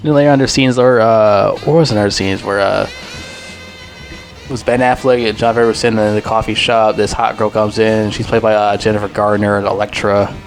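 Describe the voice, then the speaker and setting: A man giving a casual, unscripted movie review, rambling and excitable, swearing freely and leaning on filler words. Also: lowish voice, brisk, soft background music.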